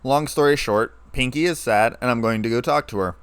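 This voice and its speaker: A man reading a story aloud, playing a scarred, weary ex-soldier who speaks in a low, flat, calm way. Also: brisk, smooth, no echo, lightly acted.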